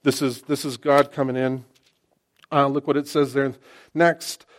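The sermon comes from a middle-aged man with a medium-pitched voice and an unhurried pace. He's lively and excitable yet conversational, often starting his sentences over.

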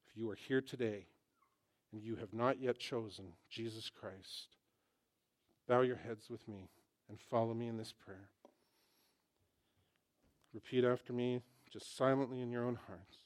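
A male pastor preaching a sermon in church, telling stories with lively mock complaints and then speaking quietly and earnestly. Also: mid-range voice, measured pace, long pauses. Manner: animated storytelling, swinging from loud mock complaint to quiet earnest prayer.

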